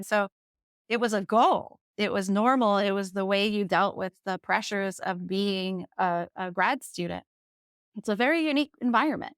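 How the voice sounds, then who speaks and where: A woman in her thirties from the Jersey Shore, a podcast guest candidly telling her own story with lively laughter. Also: medium pitch, smooth, no room sound, clean studio sound. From Jersey Shore, USA.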